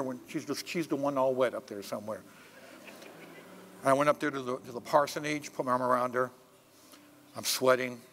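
An older man, a pastor, preaching a sermon in a church sanctuary and telling personal stories, swinging between loud preaching and hushed asides. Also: medium pitch, slight background noise.

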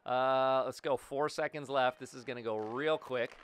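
A man giving excited, playful play-by-play of his own gameplay as host of his gaming channel, with sudden shouts. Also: medium pitch, moderate pace, smooth, dry recording.

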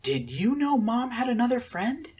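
A squeaky teenage girl sounds uneasy and wary, voiced by a man. Her voice sits high above his natural range. It has a thin, altered timbre. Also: very animated, normal speed, a little mellow, husky, full character voice.

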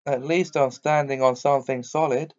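A man's voice: medium pitch, fairly even intonation, normal speed, a little mellow, close to an everyday voice. A man reading aloud voices a level-headed boy who speaks in a plain, matter-of-fact way. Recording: dull lo-fi recording.

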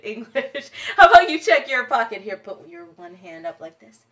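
A woman musician talking gently to children at home, encouraging them to join in and often dropping to a whisper. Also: on the high side, sing-song, moderate pace, hardly any pauses. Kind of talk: gentle sing-along talk to children.

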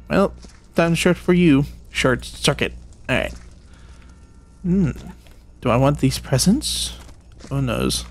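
A man giving playful, rambling gameplay commentary, tossing jokey mock-sinister asides at game characters. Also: medium pitch. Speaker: gaming video creator.

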